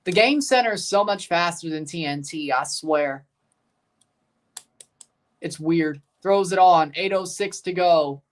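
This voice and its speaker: A woman hosting a live hockey watchalong, giving relaxed play-by-play, answering chat questions and erupting into shouts on goals. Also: lowish voice, unhurried, long pauses. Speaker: livestream host.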